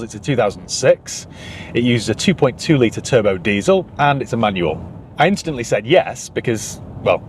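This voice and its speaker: A man's voice: medium pitch, slight background noise. Dry, joking Northern English man. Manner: dry, sarcastic humour. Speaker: used car dealer and channel host. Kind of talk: casual vlog to camera.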